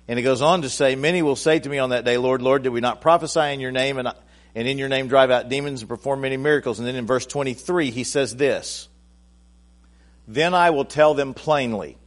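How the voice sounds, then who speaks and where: A male pastor preaching a sermon, talking conversationally to his congregation, restarting phrases and building to loud, emphatic peaks. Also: medium pitch, fast.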